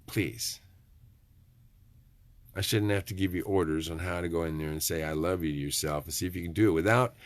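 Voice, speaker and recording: A man's voice: sits low, fairly quick, long pauses, no room sound. A middle-aged man, rambling in a folksy, preachy vlog monologue with joking asides. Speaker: vlogger.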